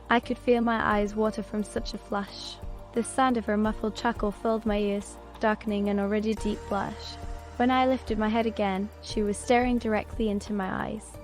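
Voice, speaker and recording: Female audiobook narrator, even first-person storytelling, flat and steady. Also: medium pitch. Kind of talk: scripted narration. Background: soft background music.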